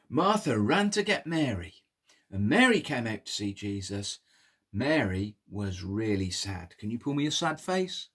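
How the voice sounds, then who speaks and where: Lively husky man telling a toddler story. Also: on the low side, unhurried. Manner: animated, sing-song, coaxing children to pull faces. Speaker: children's storyteller.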